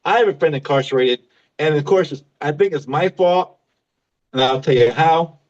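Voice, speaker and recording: Stand-up comic, man in his fifties, high voice, laughs at his own punchlines, dull lo-fi sound. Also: normal speed, a little mellow. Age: 50s. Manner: self-mocking, laughs at his own jokes. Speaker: stand-up comedian. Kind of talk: stand-up comedy set.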